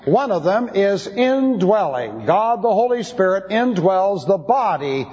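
Guy preaching bible grammar, slightly high voice, muffled old lo-fi recording. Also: sing-song, measured pace, a little mellow. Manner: methodical, precise, explains Greek grammar in detail. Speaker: pastor. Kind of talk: expository Bible teaching sermon. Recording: dull, lo-fi recording with long hall reverb.

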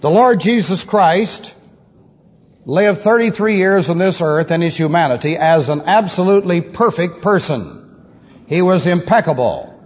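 A man's voice: high voice, lively intonation, a little slow, darkish tone, slightly rough. A man teaching a methodical sermon, repeating key phrases with emphasis, on an old recording. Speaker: pastor teaching doctrine. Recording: lo-fi old recording in a reverberant hall.

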